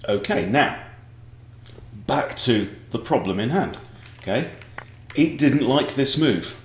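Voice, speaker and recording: A man's voice: medium pitch, animated, slow. A man teaching chess in a casual online lesson, rambling and joking with digressions. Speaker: chess coach. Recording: echoey room.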